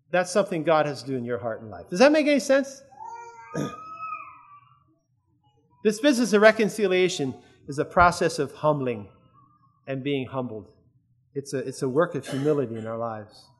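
A man's voice: a little high, big pitch swings, normal speed, pauses often. A man preaching a sermon in an earnest, conversational way, often checking that his listeners follow.

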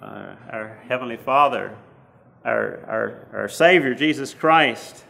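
A man preaching a sermon, teaching slowly from the Bible with frequent fillers and restarts. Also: medium pitch, vocal fry, a bit bright.

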